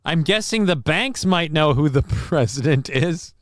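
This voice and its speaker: A man's voice: fairly high pitch, animated, a little slow. A man hosting a casual live stream, reading chat messages and news aloud and cracking crude jokes. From northern United States. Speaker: show host.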